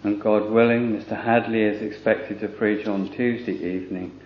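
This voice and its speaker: A man reading church notices in a flat, matter-of-fact way, on a roomy, noisy, muffled recording made from a distance. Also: fairly low pitch, moderate pace. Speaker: church minister giving notices.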